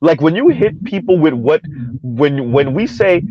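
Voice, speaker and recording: A podcast host talks casually but emphatically in debate mode, firing off rhetorical questions and repeating himself. His voice is on the high side and mellow, with big pitch swings and a measured pace, in lo-fi sound.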